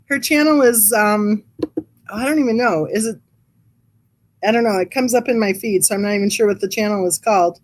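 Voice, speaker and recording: A woman talks loosely and chattily on a livestream, drifting from thought to thought with an amused tone. Her pitch sits in the middle for a woman, and she speaks through a computer mic. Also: fairly quick. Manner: reads live chat aloud. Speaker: true crime channel host. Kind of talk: casual livestream chat.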